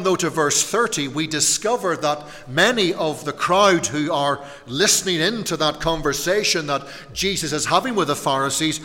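A man preaching an evening sermon, slow and deliberate, often putting questions to his listeners. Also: on the high side, pushed and bright, big-room sound. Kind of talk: evening sermon on a Bible passage.

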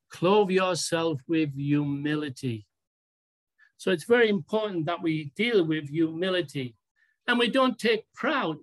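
A preacher delivering a sermon in a deliberate, emphatic way, asking rhetorical questions and drawing out key words. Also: mid-range voice.

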